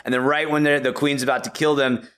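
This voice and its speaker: A man's voice: medium pitch, fast, clean tone. A man with a middle-range voice recaps a film as a podcast guest. His telling is loose and chatty, filler words everywhere, building the story beat by beat. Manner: animated storytelling with many "like" and "you know" fillers. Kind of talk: casual movie recap.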